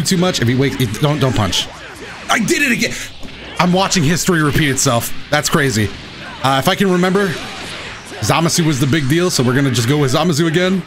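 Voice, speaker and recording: A young man giving excitable, self-mocking live commentary while playing a fighting game. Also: fairly high pitch, fast. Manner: excitable, self-mocking, shouts at big plays. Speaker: gaming YouTuber. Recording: game music playing behind. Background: game music.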